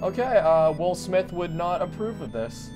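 A young man doing let's play commentary, hyper and rambling, joking around and breaking into sudden loud outbursts. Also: high-pitched, very animated, moderate pace. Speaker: gaming commentator. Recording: faint game music behind.

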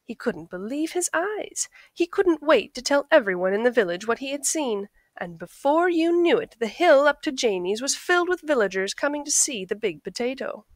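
A woman reading a picture book aloud in a friendly, expressive storytelling voice. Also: high-pitched, moderate pace, few pauses, no room sound. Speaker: storybook reader.

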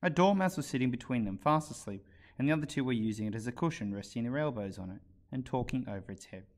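A man reading a children's book aloud as a storyteller, with an expressive narration. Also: medium pitch, quick pace. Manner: expressive, animated read-aloud.

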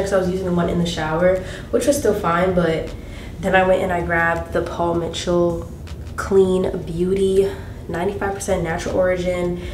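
A young woman chats excitedly to her viewers from a hotel room, taking her time and gushing over everything. Her voice carries a clear room echo over a faint hum of ambience. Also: medium pitch, far from the mic. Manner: gushing, excitable, drops to whispers. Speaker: vlogger. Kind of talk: casual vlog chat.

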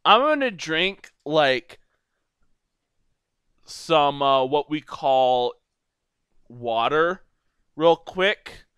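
A young man giving goofy, rambling solo commentary over a video game, now and then breaking into loud silly shouting. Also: on the high side, lively intonation, very slow, long pauses, clear, resonant tone, no echo. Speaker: gameplay commentator. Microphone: desk microphone.

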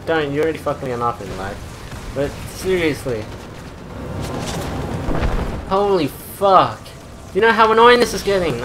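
A woman doing gameplay commentary, swearing constantly and swinging between furious yelling and low muttering. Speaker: gamer playing a shooter. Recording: loud game noise behind the voice. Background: game gunfire and ambience.

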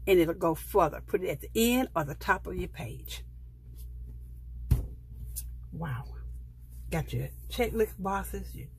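A woman's voice: fairly low pitch, a little hiss or hum. A middle-aged woman, chatting with her viewers as she flips through a sticker book and gushes over each page. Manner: chatty, gushing, talks softly to viewers. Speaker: planner vlogger. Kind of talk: casual show-and-tell of a sticker book.

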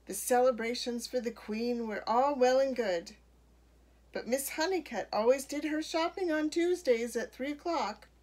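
Brief: woman storyteller, unhurried picture-book read-aloud, bright and lively. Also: high voice. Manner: expressive, slow read-aloud.

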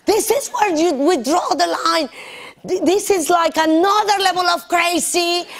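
A woman acting out her exasperated husband as he shouts at her. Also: extremely high pitch, unhurried, voice pushed up. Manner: loud and exasperated. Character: fed-up husband ranting at his wife.

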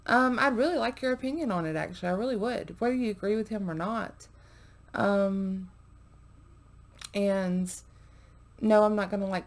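A woman hosting a reaction video, chatting casually to viewers, with many fillers, sometimes dropping to a murmur. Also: on the high side.

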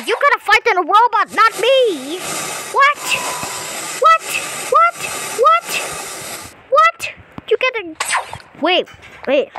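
Very high-pitched excitable woman gamer. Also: slight background noise, low-quality recording. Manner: excitable, repetitive, talks to game characters. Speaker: gameplay channel host. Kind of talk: playful gameplay commentary.

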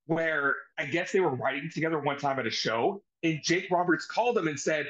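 Animated man riffing in casual banter. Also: fairly high pitch, brisk, highs cut off. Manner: animated, profane, laughing banter. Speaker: podcast co-host. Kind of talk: casual chat.

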